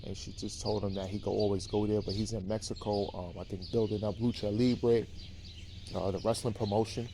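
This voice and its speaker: A man's voice: lowish voice, flat delivery, a little fast, background noise. A man hosting a show, casually recapping a series in a rambling, profane way with lots of ums and repeated words.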